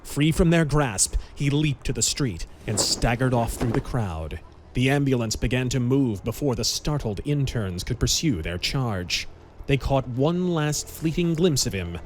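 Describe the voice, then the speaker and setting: A man narrating a pulp audiobook in a measured, dramatic storytelling manner. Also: medium pitch, animated, a little hiss or hum.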